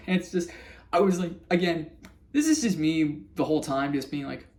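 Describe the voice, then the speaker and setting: This vlogger reviewing a cartoon episode has a slightly high, somewhat mellow voice and speaks expressively at normal speed. His casual recap rambles and loops back, with restarted sentences and the odd laugh.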